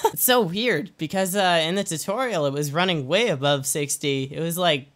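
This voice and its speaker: A man's voice: fairly high pitch, moderate pace, a bit bright. A young man in his late teens giving jokey, rambling commentary while playing a game, often gasping and laughing. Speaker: gaming YouTuber. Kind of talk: let's play commentary.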